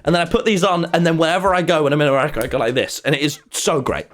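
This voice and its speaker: A young man, telling a rambling, animated story to his live-stream chat and swearing freely. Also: fairly high pitch, rapid-fire. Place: home streaming room.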